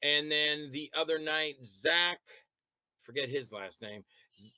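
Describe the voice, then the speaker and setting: A man chatting as an interview guest, telling long rambling stories about making films, quick to laugh and to act out what others said. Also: on the high side, expressive, sharp tone, rough recording. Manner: rambling anecdotal storytelling. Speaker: interview guest, independent filmmaker and actor. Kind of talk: casual interview chat.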